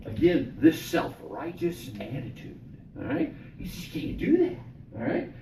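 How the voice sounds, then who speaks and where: Pastor teaching in an echoey room, heard from afar. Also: male voice, a little high, wildly swooping pitch, unhurried, vocal fry, warm tone, recorded from a distance, slight background noise. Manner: conversational, repeats himself, checks in with "all right?". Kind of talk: teaching a Bible study.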